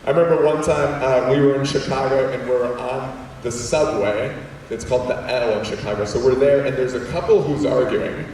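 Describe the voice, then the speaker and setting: A man's voice: mid-range voice, moderate pace. Spanish-native man telling jokes in an echoey hall. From Puerto Rico. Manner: animated, jokey, quotes people in voices. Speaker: guest speaker. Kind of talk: comic storytelling to a school assembly. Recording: echoey hall, distant mic, faint room noise.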